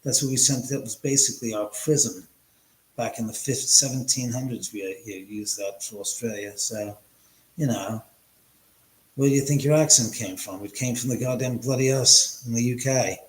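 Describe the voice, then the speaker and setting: A man's voice: mid-range voice, normal speed, roomy sound, low-quality recording. A man hosting a casual livestream, chatting with viewers in a rambling, joking way with crude banter. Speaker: livestream host. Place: room in a house.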